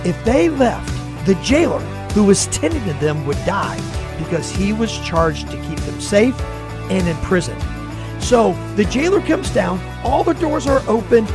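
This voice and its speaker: A man pastor gives a brief radio devotional, telling the story with animated rises and hushed drops. His pitch moves in lively swings, and a clear music bed runs beneath him. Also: measured pace.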